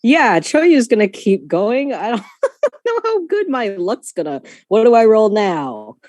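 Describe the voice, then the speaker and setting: A woman's voice: on the high side, huge pitch swings, slow pace, darkish tone, dry recording. A woman playing a tabletop game, talking hesitantly with many fillers and laughing often. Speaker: player. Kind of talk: casual tabletop play.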